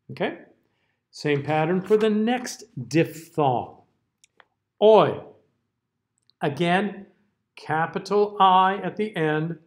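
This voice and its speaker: Man, voice teacher, singing diction lesson, slow delivery, a bit high-pitched, demonstrates sounds. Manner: patient, explanatory, demonstrates sounds aloud.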